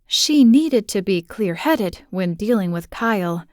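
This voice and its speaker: Slow, measured woman narrating an audiobook. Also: mid-range voice, no room sound, clean studio sound. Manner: measured, steady storytelling.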